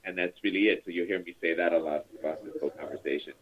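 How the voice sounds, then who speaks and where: A man's voice: sits low, steady tone, very fast. A man leading a call center training over a conference call, chatty and rambling with many fillers. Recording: tinny phone line.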